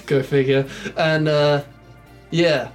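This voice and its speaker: A man's voice: on the high side, extremely slow, soft background music. A man from England chatting casually on a podcast, rambling and laughing often. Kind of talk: casual chat. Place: shed studio.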